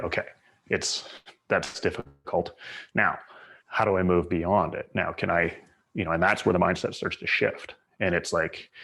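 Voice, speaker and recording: A man speaks as a guest on a video call, telling stories and reflecting on them. His voice sits very low and has a gravelly fry. It also carries a husky grain. He often repeats and restarts his phrases. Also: fairly bright tone. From Canada. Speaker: guest speaker, Paralympic athlete. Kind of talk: reflective storytelling talk.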